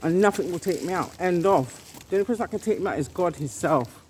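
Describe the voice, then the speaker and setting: A woman's voice: on the low side, expressive, fast, a little mellow. Woman vlogger, indignant and emphatic, cursing freely; noisy home recording. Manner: indignant, emphatic, repeats itself, swears. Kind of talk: angry monologue to camera.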